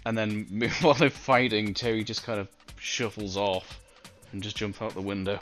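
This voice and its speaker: Male podcast co-host, lowish voice, wry retelling, acts out lines. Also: fairly even intonation, unhurried, a bit bright, soft background music. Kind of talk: casual chat recapping a cartoon.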